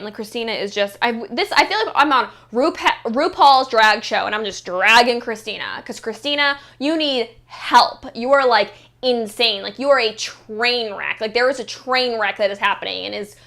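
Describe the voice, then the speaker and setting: A woman with a bright, slightly high voice delivers a casual reality-show recap. She talks bluntly and swears freely, mocking the cast with sassy asides. Her speech is full of "like" fillers. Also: normal speed, vocal fry. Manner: blunt and profane, heavy use of "like".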